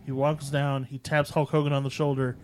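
A man in casual movie chat with friends, retelling scenes and slipping into quick acted-out quotes. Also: medium pitch, level tone, a little hiss or hum.

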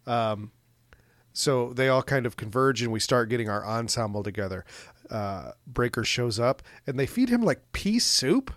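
A man's voice: medium pitch, normal speed, no echo. Chatty man with a close, dry sound. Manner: laughs often, animated retelling with crude jokes. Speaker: podcast co-host recapping a movie. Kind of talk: casual chat.

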